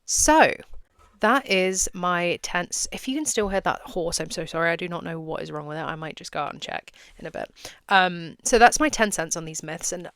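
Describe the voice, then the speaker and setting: A young woman talks through her podcast in a loose, chatty monologue, cursing casually and laughing as she acts out little scenes. Her voice sits on the low side and sounds smooth and clear. The recording is close and dry. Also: animated, normal speed, fairly bright tone, dry recording. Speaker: podcast host and business coach.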